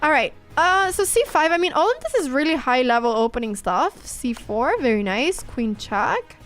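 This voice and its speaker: A woman's voice: high voice, very animated, normal speed, fairly bright tone, faint music behind. A young woman streaming chess, chatting casually and laughing often at her own guesses. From Sweden. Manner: giggly and self-mocking, laughs often. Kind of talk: casual commentary over online games.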